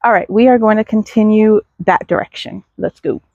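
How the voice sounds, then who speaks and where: A woman's voice: medium pitch, moderate pace, creaky, a little mellow, no echo, lo-fi sound. Lady rambling thru her garden, talks to the seedlings, dry close mic. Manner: chatty, self-deprecating, talks to viewers and plants. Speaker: garden vlogger. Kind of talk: casual garden tour walkthrough. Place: outdoor garden.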